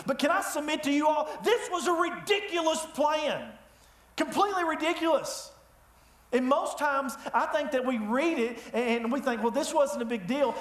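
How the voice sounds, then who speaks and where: A man preaching a sermon in a church, telling the story with lively humor. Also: very high voice. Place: church sanctuary. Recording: echoey room.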